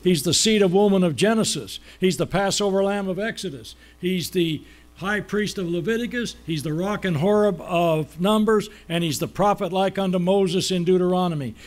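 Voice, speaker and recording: A man preaching a sermon, asking questions and then answering them, slowing down to stress key words. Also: high voice.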